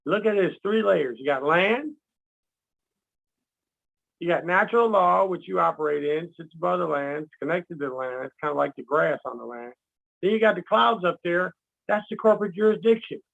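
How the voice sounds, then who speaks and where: High gravelly man, lo-fi sound. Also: normal speed. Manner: animated, acts out quotes, laughs at own jokes. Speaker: guest speaker. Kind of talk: casual teaching talk. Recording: dull lo-fi sound.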